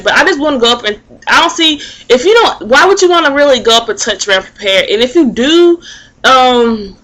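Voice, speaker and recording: Young woman, casual vlog, bright voice, rambling, many fillers. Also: fairly high pitch, rough recording. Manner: rambling, animated storytelling with many fillers and restarts. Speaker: vlogger. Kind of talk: casual talking-to-camera vlog.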